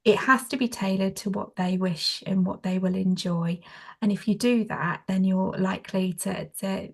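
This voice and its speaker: A woman, speaking as a trainer in a conversational interview, practical and animated, with many fillers and restarts. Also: mid-range voice, moderate pace, gravelly. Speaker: trainer, guest.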